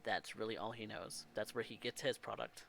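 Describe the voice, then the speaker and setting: A man narrating as game master in a tabletop role-playing game, halting and pleading when he speaks for a frightened father. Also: fairly low pitch, fairly even intonation, gravelly, sharp tone, slight background noise.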